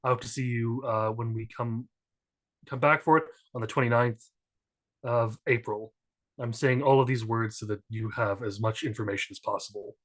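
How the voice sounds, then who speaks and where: A man's voice: mid-range voice, fairly even intonation, normal speed. A man introducing himself on a tabletop gaming stream, rambling and joking, often interrupting himself. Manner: rambling, self-interrupting, jokey. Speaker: tabletop game player and game master.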